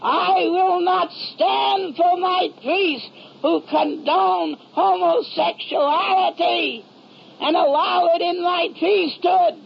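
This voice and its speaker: A woman speaking as an angry, grieving male divine voice during a religious vision, making slow, raised declarations. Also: extremely high pitch, fairly even intonation, gravelly, highs cut off, heavily acted. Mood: wrathful. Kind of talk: spoken religious vision message.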